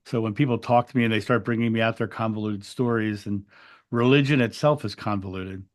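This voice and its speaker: A man's voice: fairly low pitch, steady tone, brisk. A man telling a spiritual story in an interview, earnest and reflective, often restarting his words. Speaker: interview guest.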